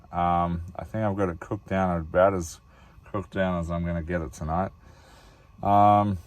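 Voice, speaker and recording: Deep-voiced Australian man, chatty vlogger. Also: darkish tone, no echo. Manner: chatty, rambling, many fillers, addresses viewers as guys. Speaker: van-life vlogger. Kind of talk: casual cooking vlog. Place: inside a camper van.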